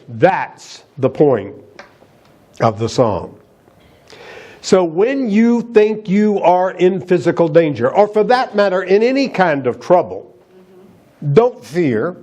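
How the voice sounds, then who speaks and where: Slow, mellow-voiced male preacher. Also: high-pitched, very animated. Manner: emphatic preaching with rhetorical questions to the congregation. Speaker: pastor. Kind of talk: sermon.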